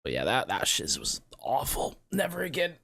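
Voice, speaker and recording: A man's voice: medium pitch, wildly swooping pitch, normal speed, gravelly, a bit bright. A young man co-hosting a podcast, reacting with jokes and goofy mild exclamations in casual chat. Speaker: podcast co-host.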